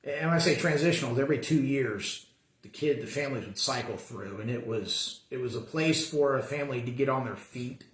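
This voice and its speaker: A man's voice: medium pitch, fairly quick. A man teaching a Sunday school class, talking casually and earnestly, often restarting his sentences. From American suburbs. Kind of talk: casual Bible class talk. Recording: echoey room.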